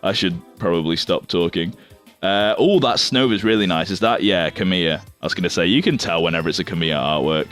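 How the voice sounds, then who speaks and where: A man's voice: deep voice, a little fast, a bit bright, soft background music. Chatty young man opening packs. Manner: chatty, rambling, swears casually, stumbles over names. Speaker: YouTuber opening trading card packs. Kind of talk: casual unboxing commentary.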